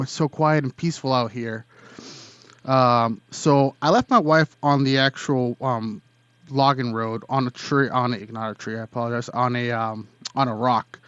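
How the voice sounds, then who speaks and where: A man's voice: medium pitch, fairly bright tone, no echo. Hesitant man telling his story, dull dry audio. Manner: hesitant, many fillers and restarts. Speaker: witness recounting an encounter. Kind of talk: casual first-person storytelling.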